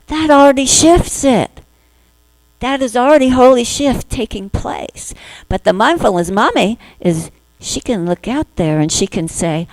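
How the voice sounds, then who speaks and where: A woman minister giving a spiritual talk to her congregation, gentle, acting out inner voices in little quoted asides. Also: on the high side, lively intonation, a little slow, dry recording, rough recording.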